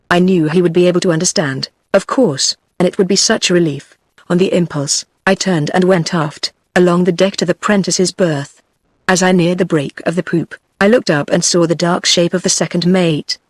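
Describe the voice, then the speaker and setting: A woman's voice: on the low side, no room sound, clean studio sound. British female text-to-speech narrator. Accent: British English. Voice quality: synthetic, evenly paced machine voice. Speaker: audiobook narrator. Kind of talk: text-to-speech book reading.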